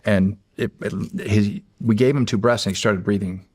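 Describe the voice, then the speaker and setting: A middle-aged man from the United States, a former Navy SEAL, telling a story in a casual, halting way with many restarts. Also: fairly low pitch, fairly even intonation, darkish tone, no echo, clean studio sound. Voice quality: gravelly, husky voice.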